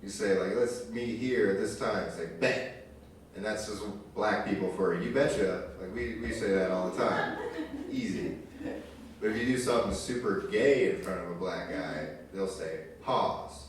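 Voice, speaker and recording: A man's voice: low voice, brisk, a little hiss or hum. A man in his twenties doing a stand-up set on a live stage, telling crude stories in a loose, conversational way. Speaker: stand-up comedian. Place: live stage in a community arts venue. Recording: very echoey room recorded from far off. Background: crowd ambience.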